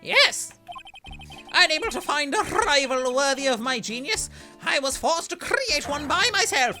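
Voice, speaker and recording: A man's voice: extremely high pitch, lively intonation, a little slow, bright, forceful tone, faint music behind, voice pushed up, full character voice. A man voicing an unhinged young male masked thief, theatrical and manic, reading game dialogue on a stream. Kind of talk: voice acting a game script on stream.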